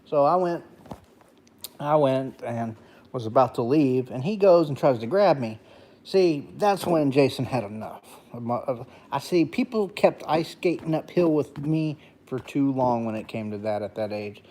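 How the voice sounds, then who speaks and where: A man's voice: expressive, a little slow, mellow. Male streamer, casual late-night storyteller, mid-range voice, dry throat, profane and rambling. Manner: profane, rambling, jumps to high voice when quoting. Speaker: gaming streamer.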